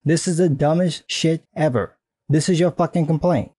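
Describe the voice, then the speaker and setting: A man's voice: a little high, moderate pace, dark tone, no echo. Sarcastic man ranting in commentary. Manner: sarcastic, indignant, profane.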